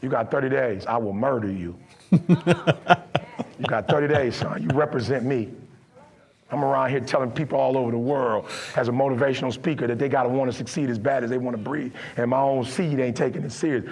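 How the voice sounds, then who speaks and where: A man's voice: mid-range voice, fairly even intonation, brisk, vocal fry, a little mellow, husky. A middle-aged man giving a motivational speech, telling stories with acted-out dialogue and building to impassioned preaching. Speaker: motivational speaker.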